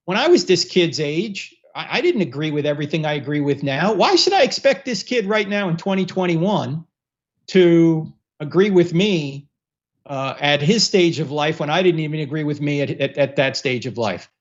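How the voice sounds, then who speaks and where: Guy hosting a live q&a over video call, laid back, jokes around, kinda muffled sound. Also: a little high. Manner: relaxed, joking, repeats words. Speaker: host. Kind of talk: casual livestream Q&A.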